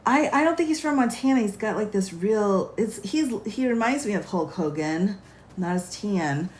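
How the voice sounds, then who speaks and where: A woman's voice: mid-range voice, expressive, normal speed. A woman attorney explaining law on a phone livestream in a chatty way. She laughs often and reads legal text aloud.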